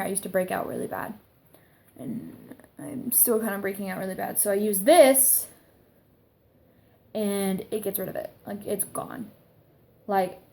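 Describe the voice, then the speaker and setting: A woman's voice: mid-range voice, darkish tone, slight background noise. Rambling chatty young woman vlogger. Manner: chatty, heavy use of "like", rambling. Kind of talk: casual rambling product review.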